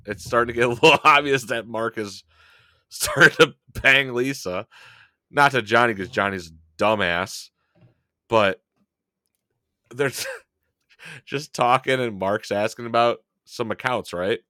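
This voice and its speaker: A man's voice: mid-range voice, measured pace, long pauses, sharp tone, no room sound, clean studio sound. A man co-hosting a casual movie-review chat, sarcastic and profane, laughing often. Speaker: podcast co-host.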